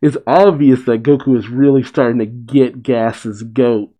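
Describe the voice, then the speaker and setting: A man's voice: medium pitch, fairly even intonation, measured pace, dark tone. A man casually recapping and reacting to a comic chapter, amused and laughing often. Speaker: manga reaction host.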